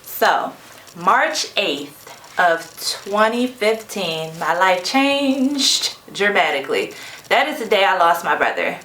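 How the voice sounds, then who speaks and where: A young woman telling a personal story in lively detail and acting out what others said. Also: mid-range voice, echoey room. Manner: animated, acts out the voices of family in her story. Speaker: guest sharing her story.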